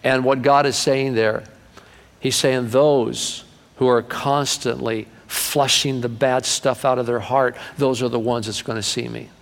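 A man's voice: mid-range voice, a little slow, gravelly. Folksy preaching man in a reverberant church. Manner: folksy, animated preaching with acted-out voices. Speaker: pastor. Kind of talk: sermon. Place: church sanctuary. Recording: long reverb of a large hall.

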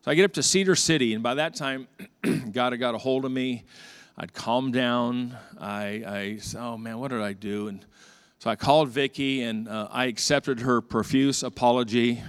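A man's voice: medium pitch, normal speed, smooth, no room sound. A middle-aged man, a pastor, preaching a sermon and telling stories with acted-out dialogue. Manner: storytelling with lively acted-out dialogue.

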